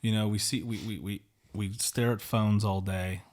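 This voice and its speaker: A man's voice: lowish voice, fairly even intonation, normal speed, a little mellow. A man hosting a podcast, talking in a rambling, candid way with many restarts and lots of "like". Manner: rambling, candid, says like a lot. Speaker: podcast host. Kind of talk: casual interview chat.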